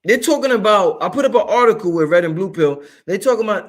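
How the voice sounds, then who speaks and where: A man's voice: high voice, expressive, fast talker. A man hosting a livestream, talking casually, profane and emphatic, repeating lines for effect. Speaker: livestream host.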